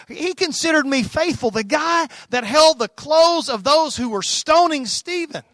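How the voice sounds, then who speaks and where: A man preaching a sermon as pastor, moving from quiet talk to loud, rising preaching. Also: very high-pitched, animated, moderate pace, hardly any pauses.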